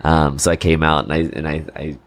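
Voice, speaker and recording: A man's voice: a bass voice, level tone, a little fast. A middle-aged man, a comedian guest on a podcast, talking casually with many fillers and restarts.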